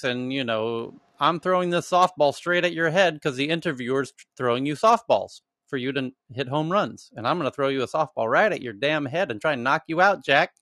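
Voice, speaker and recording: Male host, bright forceful voice, bone-dry sound, animated storyteller. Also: fairly high pitch, moderate pace, dry recording. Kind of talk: casual live audio chat.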